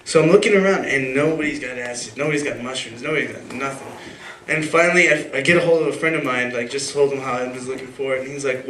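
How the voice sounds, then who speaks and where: At a story slam venue with an audience, a young man recounts something personal in a quick, mid-range, fairly bright voice. His telling wanders, packed with fillers and restarts, and the echoey recording carries faint ambience and slight background noise.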